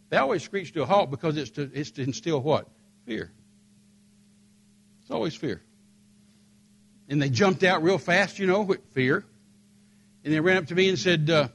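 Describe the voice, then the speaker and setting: Brisk and on the high side, an older man from the United States preaches through dramatic personal stories, with a slight hiss or hum in the background. He acts out the voices of the people he describes in an animated way.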